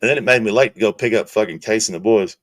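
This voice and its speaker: A man's voice: lowish voice, quick pace, no room sound. Profane man telling stories, dry sound. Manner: profane, animated storytelling. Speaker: streamer host. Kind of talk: casual chat.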